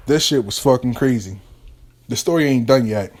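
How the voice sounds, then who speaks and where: A man hosting a storytelling show, telling a wild tale in an emphatic, profane, animated way. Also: mid-range voice, normal speed, slight background noise. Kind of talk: casual storytelling.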